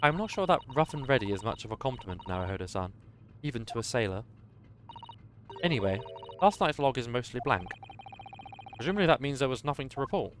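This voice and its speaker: A man voicing a polite, clever young woman who gently explains things. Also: mid-range voice, very animated, brisk, pauses often, slight background noise.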